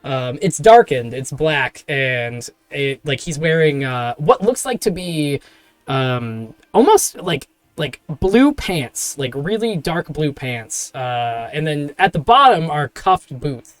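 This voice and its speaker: A man's voice: a little high, expressive, slow, no echo. Rambling male game master, dry close voice. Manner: rambling, filler-heavy description. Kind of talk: improvised tabletop narration.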